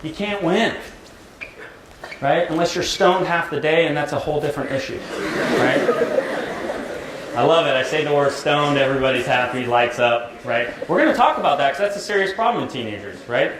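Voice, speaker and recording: A middle-aged American man, a therapist, giving a conversational, jokey talk to high school students and often asking "right?". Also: animated, moderate pace, a bit bright. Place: large echoey school hall. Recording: roomy hall with faint ambience.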